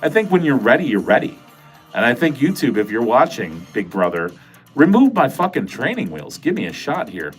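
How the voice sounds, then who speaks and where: A man's voice: medium pitch, big pitch swings, a little fast, husky, faint music behind. A man with a nasal Midwestern American accent hosting a livestream, rambling casually, swearing freely and joking with his chat. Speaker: livestream host.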